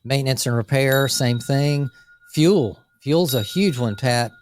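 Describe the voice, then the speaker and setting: A man co-hosting a casual business podcast, talking energetically through lists with quick asides about running a landscape company. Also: medium pitch, a little hiss or hum.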